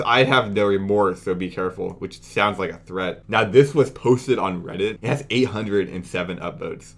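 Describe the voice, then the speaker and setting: A man's voice: lowish voice, fairly bright tone. Brash young man ranting to viewers. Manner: brash, mocking, indignant. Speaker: youtube commentator. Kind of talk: casual commentary video.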